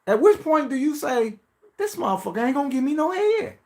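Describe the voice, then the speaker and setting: A man's voice: very high voice, very animated, a little fast. A man hosting a podcast, talking in a casual, profane monologue that swings between mocking pleading voices and blunt asides. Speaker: podcast host.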